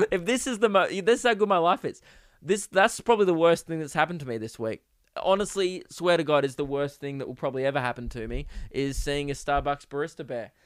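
A young Australian man rants into a close mic about a small annoyance, sarcastic and worked up, slipping into mocking voices. His voice sits fairly high for a man, smooth and clear. The sound is dry, with no room around it. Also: fairly bright tone, no echo. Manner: exasperated, sarcastic storytelling with mock voices. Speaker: podcast host. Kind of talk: solo comedic rant.

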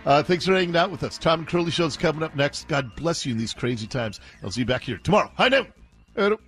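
A man's voice: fairly high pitch, expressive, quick pace, fairly bright tone, faint music behind. A man hosting a political commentary show, talking through clips with sarcastic, mocking asides. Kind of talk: opinionated news commentary.

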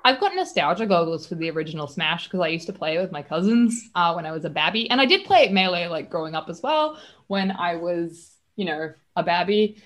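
A woman's voice: fairly low pitch, very animated, brisk, a bit bright. Playful, chatty radio co-host woman. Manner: enthusiastic, playful, uses slang fillers. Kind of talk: casual radio chat.

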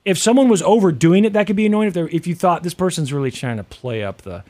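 A man's voice: high-pitched, expressive, fast, darkish tone. A man with a Midwestern American accent, co-hosting a casual chat, musing aloud with lots of fillers and restarts. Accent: General American Midwest. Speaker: co-host.

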